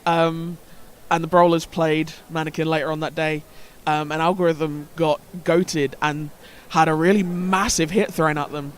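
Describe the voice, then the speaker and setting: A man commentating a roller derby game, with a voice that sits a little high for a man. He speaks in halting bursts, packed with fillers and restarts. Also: flat delivery, slight background noise. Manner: hesitant, many fillers and restarts. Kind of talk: sports commentary with anecdote.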